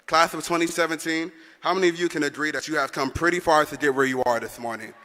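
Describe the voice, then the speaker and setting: A man's voice: fairly high pitch, steady tone, fast talker, pushed and bright. A young man, the senior class president, gives a rousing commencement speech and calls on the crowd to answer back. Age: young adult. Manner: rousing, calls on the audience to respond. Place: large arena. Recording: long echo of a big arena.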